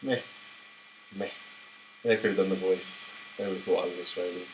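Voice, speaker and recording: Very low male co-host, loose and jokey, trails off and restarts, casual podcast chat. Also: fairly even intonation, normal speed, a little mellow, slight background noise, rough recording. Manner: rambling, self-interrupting, jokey.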